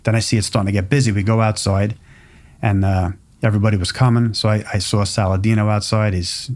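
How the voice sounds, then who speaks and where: A man's voice: on the low side, quick pace. A middle-aged man from Long Island, a pizzeria owner telling stories in casual chat and acting out what other people said. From Long Island, New York. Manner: animated, acts out quoted people. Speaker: pizzeria owner, podcast guest.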